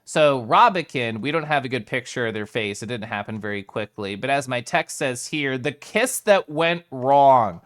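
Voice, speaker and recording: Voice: mid-range voice, expressive, normal speed, hardly any pauses, a bit bright. A live streamer chatting casually with viewers in a playful way, laughing often and greeting viewers by name.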